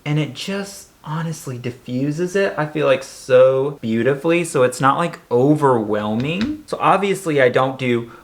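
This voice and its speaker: Man, chatty makeup tutorial, sassy asides, mid pitch. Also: animated, a little slow, few pauses. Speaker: makeup vlogger.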